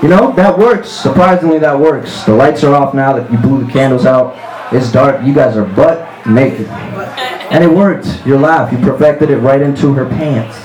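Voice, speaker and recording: A man performing a stand-up comedy set, telling a crude story with animated laughing asides. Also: mid-range voice. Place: live comedy venue with audience. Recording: roomy live club recording with crowd.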